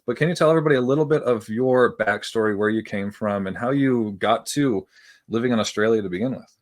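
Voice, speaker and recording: Upbeat low-voiced man hosting a podcast. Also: fast. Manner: upbeat and enthusiastic, with a self-mocking aside. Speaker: podcast host. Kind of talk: podcast interview.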